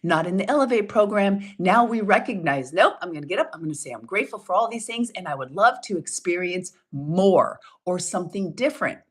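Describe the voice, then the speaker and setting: A woman's voice: fairly low pitch, expressive, fairly quick, few pauses, fairly bright tone, slightly rough. A woman leading a self-help challenge as its coach, talking in an upbeat, emphatic way, acting out what people say and laughing often. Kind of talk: motivational coaching talk.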